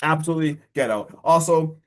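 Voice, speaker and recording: A man hosting a podcast, recapping a horror film in a casual, animated way, with loose swearing and a lot of buildup before each reveal. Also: a little high, brisk. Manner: animated storytelling, casual swearing, repeats "guess what".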